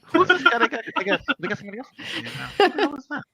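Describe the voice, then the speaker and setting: A man co-hosting a livestream, chatty and animated. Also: very high-pitched, quick pace, breathy edge, dry recording. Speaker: livestream co-host. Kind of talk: casual live commentary.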